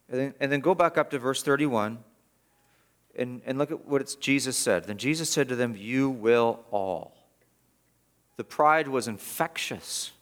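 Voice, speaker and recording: A middle-aged male pastor preaching verse by verse, swinging from loud emphatic peaks to low, quiet asides. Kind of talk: expository sermon.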